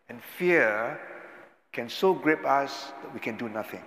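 A pastor delivering a sermon with dramatic swells and hushed drops, recorded in a large echoing hall. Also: male voice, medium pitch, animated, a little slow. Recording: echoey hall, long reverb.

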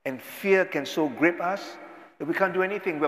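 A pastor delivering a sermon with dramatic swells and hushed drops, recorded in a large echoing hall. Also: male voice, on the high side, normal speed. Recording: echoey hall, long reverb.

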